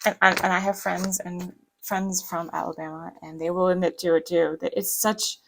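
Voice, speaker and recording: Chatty low, gravelly woman with a light Southern accent. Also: flat delivery, moderate pace, rough recording. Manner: rambling, chatty, lots of fillers. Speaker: planner vlogger. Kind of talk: casual chat while decorating a planner.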